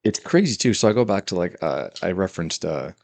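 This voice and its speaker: A man who works as a police officer, chatting casually on a podcast with a dry, deadpan humor. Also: deep voice, a little fast, vocal fry. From California.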